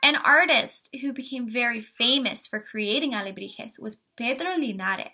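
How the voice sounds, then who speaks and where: Her voice is on the high side and sharp, and she talks at a normal pace. This woman art teacher keeps her online lesson for kids upbeat, asking them questions while walking them through a drawing step by step.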